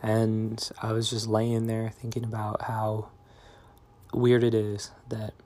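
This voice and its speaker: Low, flat-voiced young man musing. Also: slow pace. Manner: reflective, meandering, soft-spoken. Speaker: vlogger. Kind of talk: confessional diary vlog.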